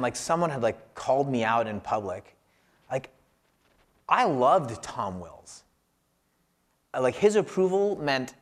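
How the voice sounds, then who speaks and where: Man telling a story, full of "like"s. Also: fairly high pitch. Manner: rambling and self-deprecating, many "like" fillers. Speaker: podcast co-host reflecting on scripture. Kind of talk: personal storytelling in casual chat.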